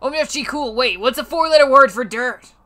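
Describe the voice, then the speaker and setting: A woman's voice: sits high, a little fast, pushed and bright, voice pushed up. A woman reading aloud who voices a childish, clingy male Satan in a comic fanfiction reading. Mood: whiny.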